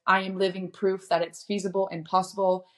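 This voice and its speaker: A woman's voice: mid-range voice, flat delivery, fairly quick, a bit bright. A young woman from Indiana, a guest on a podcast, telling her story in a chatty, upbeat way. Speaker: guest, children's book author. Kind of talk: casual podcast interview.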